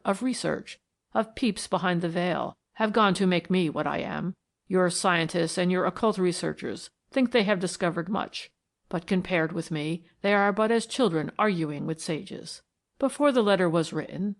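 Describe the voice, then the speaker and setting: A woman's voice: on the low side, natural voice. A woman voicing a solemn, menacing male mystic, the last of his tribe, who speaks in a grave, prophetic manner.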